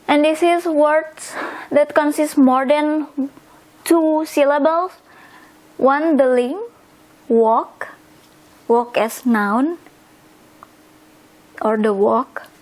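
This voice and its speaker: Slow, high-voiced woman teaching vocabulary. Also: a little mellow, rough recording. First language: Indonesian. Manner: repeats words slowly, spells endings out. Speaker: language teacher. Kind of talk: slow instructional explanation.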